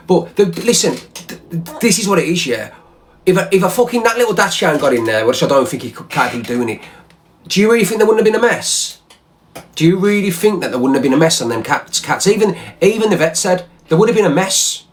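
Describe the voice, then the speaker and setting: A man's voice: high voice, lively intonation, fairly quick. Heated man ranting, profane. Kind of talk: angry livestream rant.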